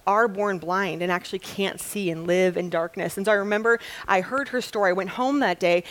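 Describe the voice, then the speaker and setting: Young woman preaching, from wisconsin, earnest storyteller, slows down on the big lines. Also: mid-range voice. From Wisconsin, USA. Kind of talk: scripture reading and sermon.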